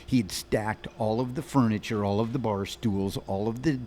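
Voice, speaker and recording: A man in his sixties with a lowish voice rattles off stories in fast, animated bursts, stopping and restarting his sentences. He speaks as a musician guest on a podcast. A faint hiss sits under him. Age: 60s. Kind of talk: rambling storytelling in an interview.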